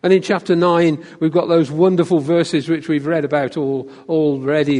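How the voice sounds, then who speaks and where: A man preaching a sermon who asks the congregation questions and drops to a hush on key phrases. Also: a little high, steady tone, normal speed, few pauses, big-room sound.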